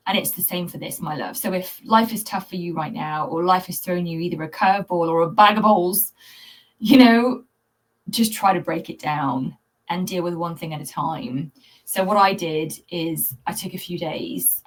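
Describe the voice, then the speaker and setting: A woman hosting her own vlog, talking candidly and earnestly to viewers about a hard time. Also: lowish voice. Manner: earnest, confiding, addresses viewers directly; conversational with fillers and restarts. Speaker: channel host, cat anxiety coach. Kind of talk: candid personal vlog talk to camera.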